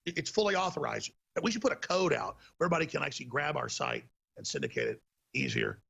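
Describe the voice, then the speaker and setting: A man's voice: a little high, huge pitch swings, fast talker, gravelly, a bit bright, husky. A man hosting a talk show, delivering a heated, emphatic ranting monologue.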